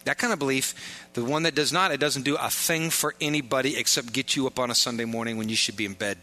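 A man's voice: mid-range voice, fast, bright, forceful tone. A man preaching a sermon as pastor, joking and informal in asides, pressing his points with emphatic repetition.

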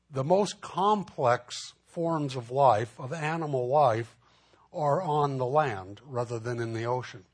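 A male pastor preaches a sermon, teaching conversationally with asides and restarts. He becomes animated while sharing a personal story. His voice is medium-pitched and husky.

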